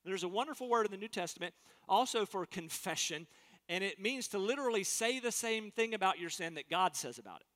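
A man's voice: high-pitched, lively intonation, fairly quick, fairly bright tone. A man preaching a sermon as pastor, earnest and emphatic, acting out quotes in different voices. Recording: long hall reverb.

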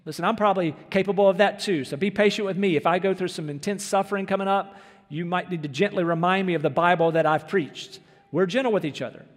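A high-pitched man preaching in an earnest, emphatic manner, pressing his congregation with question after question. His voice rings out with a long reverb from the church hall around him. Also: fast talker. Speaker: pastor. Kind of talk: sermon.

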